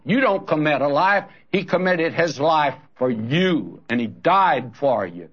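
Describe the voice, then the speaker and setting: A man's voice: on the high side, sing-song, unhurried, few pauses, breathy edge. A man preaching a sermon in an earnest, direct way, often calling his listeners friend and brother. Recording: dull lo-fi recording.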